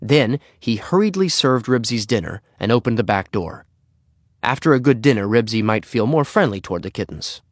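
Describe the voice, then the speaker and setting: A man reading a children's storybook aloud as narrator, in an expressive, animated way. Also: mid-range voice, moderate pace, no echo, clean studio sound.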